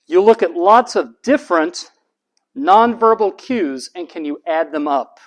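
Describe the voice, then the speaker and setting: A lecturer giving a classroom lecture, speaking in a deliberately raised pitch that carries, with slow, emphatic delivery. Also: expressive. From United States. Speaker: university lecturer.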